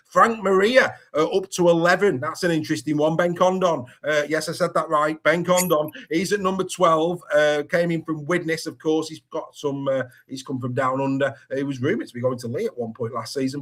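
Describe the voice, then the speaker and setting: A man hosting a sports podcast in casual chat, lively and good-humoured as he stumbles over hard names. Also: medium pitch. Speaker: podcast host.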